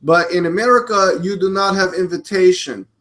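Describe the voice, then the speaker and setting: A man putting on a comic Russian leader with a fake Russian accent and halting broken English. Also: high voice, fairly bright tone. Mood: mock-polite. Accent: put-on Russian accent.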